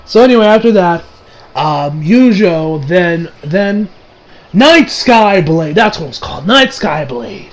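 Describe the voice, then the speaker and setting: A young man casually reviewing an anime episode, excitable, cursing a lot and restarting his sentences. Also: fairly high pitch, measured pace. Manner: excitable, swears often, many fillers and restarts.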